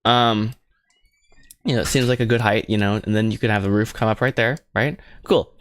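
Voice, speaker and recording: A man's voice: on the low side, steady tone, brisk, fairly bright tone, dry recording. Rambling self-mocking man at his desk. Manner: rambling, self-mocking, jokey asides to himself. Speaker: animator streaming his film work. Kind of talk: casual thinking-aloud commentary while modeling.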